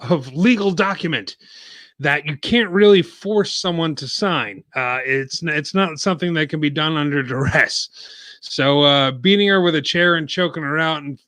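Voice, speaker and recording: A man's voice: a little high, pushed and bright, no echo. A man hosting a live wrestling watch-along podcast, rambling casually and joking, a bit out of breath. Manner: rambling, jokey, with frequent fillers and restarts. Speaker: podcast host.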